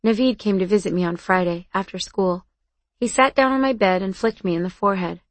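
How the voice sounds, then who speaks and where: A woman narrating a first-person novel in a soft, understated manner. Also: medium pitch, brisk, dry recording. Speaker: audiobook narrator.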